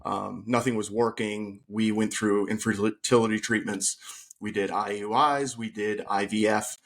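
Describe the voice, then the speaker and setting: This podcast guest has a fairly low, steady voice with a slight brightness, and he speaks at a measured pace. Earnest as he shares his personal story in conversation, he performs the quoted lines of the people involved.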